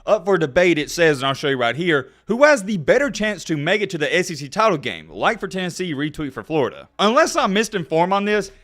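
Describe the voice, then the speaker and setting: A young man hosting his own video channel, talking excitedly about college football and swinging between shouting bursts and calmer explanation. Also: high-pitched, fairly quick, hardly any pauses. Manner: animated, bursts into shouting then calms down. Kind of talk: excited vlog commentary.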